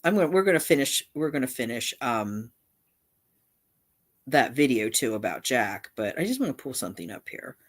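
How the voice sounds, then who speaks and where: A woman's voice: very deep voice, very animated, moderate pace, husky. A middle-aged woman hosting a casual livestream, talking in a rambling way with many restarts and asides. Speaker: channel host.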